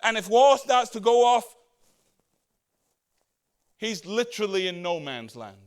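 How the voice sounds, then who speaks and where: A man's voice: high-pitched, very animated, smooth. A man preaching a conversational sermon as pastor, asking the congregation rhetorical questions and acting out the Bible characters' words. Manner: acts out the Bible characters' words in quick voices.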